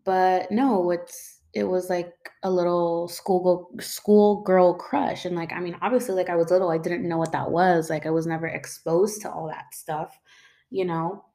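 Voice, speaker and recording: A young woman with a slightly low voice tells her own story off the cuff. She rambles, leans on "like" and "um", and swears casually as she goes. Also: level tone, normal speed, warm tone. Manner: rambling, filler-heavy, swears freely.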